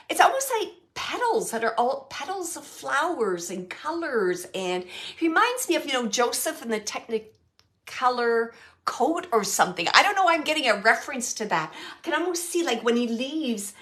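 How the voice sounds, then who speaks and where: A woman with a fairly high, bright and forceful voice, working as a medium through a spontaneous reading. She speaks softly and tenderly, often pausing and restarting as she hunts for the right words. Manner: halting, searching for words, soft and tender. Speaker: psychic medium.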